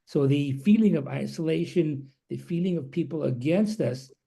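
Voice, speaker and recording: A man speaking thoughtfully and in a measured way in a group discussion, on a video call. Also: on the high side, vocal fry, warm tone, breathy edge. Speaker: discussion participant.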